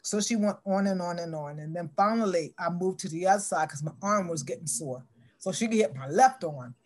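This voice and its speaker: A middle-aged woman telling a story in an interview, acting out the dialogue with lively shifts in voice. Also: on the low side, a little fast.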